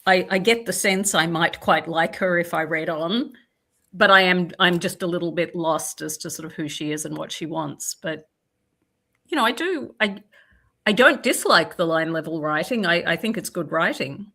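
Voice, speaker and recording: Lady agent on a video call, lowish voice, chatty and self-deprecating, reading aloud. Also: normal speed, bright, forceful tone. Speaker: literary agent.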